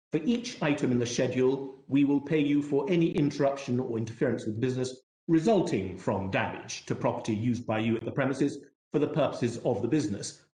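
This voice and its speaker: A man in court as a barrister, making formal, measured legal submissions with courteous, self-deprecating asides. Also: mid-range voice, darkish tone, roomy sound.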